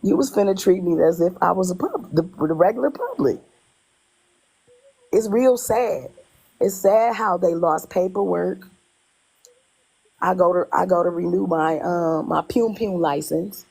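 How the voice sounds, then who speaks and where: Brief: woman, lowish gravelly voice, husky, casual storyteller who repeats herself and quotes others. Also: a little slow, pauses often, low-quality recording. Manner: animated, retells dialogue in quotes, repeats herself. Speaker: guest telling her story.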